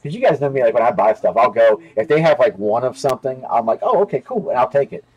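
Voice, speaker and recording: A man's voice: medium pitch, lively intonation, fast talker, darkish tone, lo-fi sound. A man hosting a live sports card break, rambling and chatty, talking straight to viewers and cursing freely. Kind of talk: casual live-stream chat.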